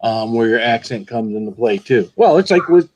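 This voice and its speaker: A man chatting casually, explaining things in a relaxed way. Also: mid-range voice, moderate pace, no echo, poor audio. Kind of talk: casual chat. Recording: dry close sound.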